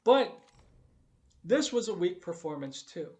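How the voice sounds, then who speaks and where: A man's voice: high voice, sing-song, measured pace. A man giving a blunt, profane, repetitive review of a TV show during a casual live stream. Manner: blunt, emphatic, profane, repeats himself.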